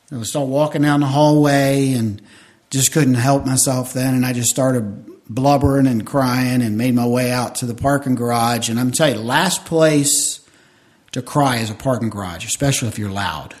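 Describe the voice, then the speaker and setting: A pastor in his fifties preaching a sermon, telling a personal story with strong feeling and swinging between loud bursts and hushed, intimate moments. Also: medium pitch, moderate pace. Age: 50s.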